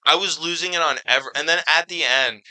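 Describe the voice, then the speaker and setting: A young man co-hosting a podcast, telling stories in a casual, animated way with plenty of swearing. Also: on the high side, fairly quick, poor audio. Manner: animated, profane storytelling. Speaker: podcast co-host. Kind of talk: casual chat.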